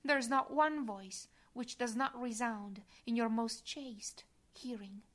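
A woman reading a devotional prayer aloud in a soft, reverent manner, sometimes dropping to a breathy whisper. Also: a little high, takes it slowly. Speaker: devotional reader.

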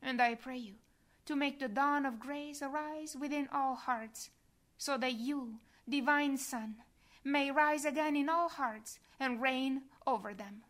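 Woman narrator for a devotional reading, unhurried and hushed, at times near a whisper. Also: sits high. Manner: slow, soft, prayerful, sometimes whispered.

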